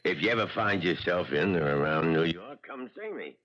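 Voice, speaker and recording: A man playing a folksy former army buddy who talks slowly and probes, in a 1970s radio drama. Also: sits low, lively intonation, a bit bright. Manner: slow, folksy, probing. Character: drawling male ex-army buddy, probing visitor. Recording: dull old radio broadcast.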